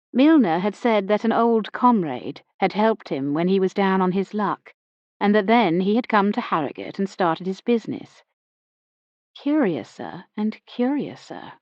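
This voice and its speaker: A woman's voice: medium pitch, dry recording, dull audio. Woman narrating a mystery audiobook. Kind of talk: first-person audiobook narration of a period mystery.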